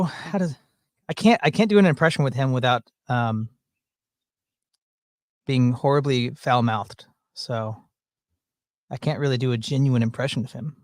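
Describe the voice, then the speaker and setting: A man talks casually to his viewers from home, joking and wandering between topics in a folksy manner. His pitch sits in an ordinary middle range. The room sound is dry, with the mic close. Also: darkish tone, dry recording. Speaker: livestream host. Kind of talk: casual livestream chat. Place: at home, indoors. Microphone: desk mic through mixer with headphones.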